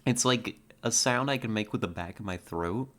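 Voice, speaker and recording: A woman streaming a game, chatting casually and excitedly, laughing often and making playful growling noises. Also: very deep voice, normal speed. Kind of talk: casual live-stream commentary.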